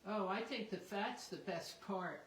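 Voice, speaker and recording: A woman's voice: mid-range voice, unhurried. A woman with a Philadelphia-area accent, hosting a casual craft video and chatting as she reads out viewer comments. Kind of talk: casual chat. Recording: roomy, distant mic, background noise.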